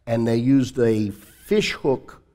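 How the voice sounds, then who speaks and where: A man's voice: mid-range voice, animated, takes it slowly, mellow. A man, a pastor hosting an interview, explaining things for listeners and sharing his own reactions. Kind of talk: church talk-show interview.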